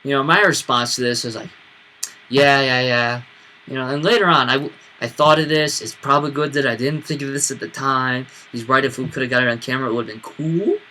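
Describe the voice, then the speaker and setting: A college-age man rambles through a story in a casual vlog, his voice bright and forward. He stumbles, restarts and fills gaps with "you know" and "like". Faint ambience hums under the recording. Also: mid-range voice, fast talker, few pauses, slight background noise. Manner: rambling, lots of fillers and restarts. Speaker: vlogger.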